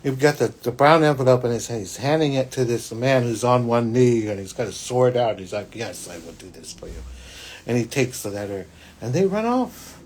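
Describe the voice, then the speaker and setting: A man, a psychic hosting his own show, telling a personal story in a rambling, restarting way that swings between loud and hushed. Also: medium pitch, lively intonation, a little fast, a little hiss or hum. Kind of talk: spiritual podcast monologue, personal storytelling.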